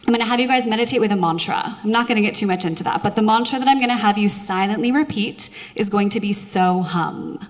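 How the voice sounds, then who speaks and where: A woman leading a live audience in guided meditation, joking with them before moving into slow, soothing instructions. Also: on the high side. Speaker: meditation teacher. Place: live show venue with audience. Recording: long hall reverb.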